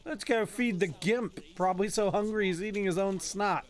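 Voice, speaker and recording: A man's voice: high-pitched, fairly even intonation, normal speed. A man streaming a game, reading in-game notices aloud, stumbling over odd names and tossing in joking asides. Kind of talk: casual gameplay commentary.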